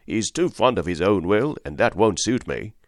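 A man reading as a rough, hot-tempered builder. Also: lowish voice, sing-song, normal speed, no room sound, studio quality. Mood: defiant. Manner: rough, defiant.

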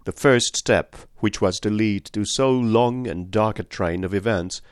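A low-pitched man narrates a classic novel at a measured storytelling pace. The recording is close and very dry, with no room reverb. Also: smooth. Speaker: audiobook narrator. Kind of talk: scripted narration.

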